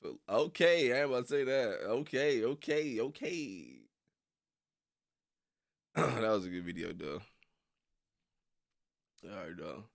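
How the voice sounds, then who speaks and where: A young man streaming casually to his viewers: loose, slangy, laughing often and jumping into high squeals. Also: lively intonation, takes it slowly, vocal fry, pauses often. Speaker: streamer reacting to videos. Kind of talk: casual chat with live viewers.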